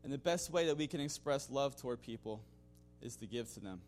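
A man's voice: medium pitch, expressive, brisk, darkish tone. Man, everyday mid voice, telling a church testimony off the cuff, folksy fillers, faint music underneath. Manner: conversational, full of "you know" fillers and restarts; chuckles now and then. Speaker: church member giving a mission-trip testimony. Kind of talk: spoken testimony to a congregation.

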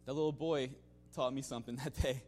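A man's voice: medium pitch, steady tone, a little fast, a little mellow. Man, everyday mid voice, telling a church testimony off the cuff, folksy fillers, faint music underneath. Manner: conversational, full of "you know" fillers and restarts; chuckles now and then. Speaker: church member giving a mission-trip testimony. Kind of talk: spoken testimony to a congregation.

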